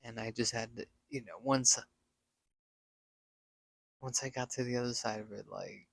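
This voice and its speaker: A man with a gravelly, fry-laced voice tells a personal story in a loose, rambling way. He leans on fillers and restarts, and sinks almost to a whisper when he quotes his own worries. The recording is dry and close, with no room sound. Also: medium pitch, steady tone, normal speed, no room sound. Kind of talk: casual spoken story. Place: Las Vegas.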